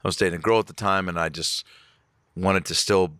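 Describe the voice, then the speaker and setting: A comedian telling a personal story in casual podcast chat, swearing freely and acting out quoted lines with big jumps in pitch. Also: male voice, fairly quick, dry recording, studio quality. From Reno, Nevada area. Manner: animated, swears a lot, acts out quotes with sharp jumps in pitch. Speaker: comedian guest.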